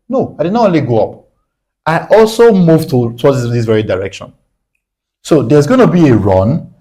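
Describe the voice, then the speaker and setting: Animated man teaching math. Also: mid-range voice. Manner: animated, asks rhetorical questions and answers them. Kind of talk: whiteboard math lesson.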